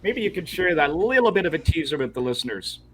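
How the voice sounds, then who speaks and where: Genial host guy, bit of a high voice, steering the podcast chat. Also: very animated, fast talker, a bit bright, rough recording. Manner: genial, wraps up and thanks the guest. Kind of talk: casual chat.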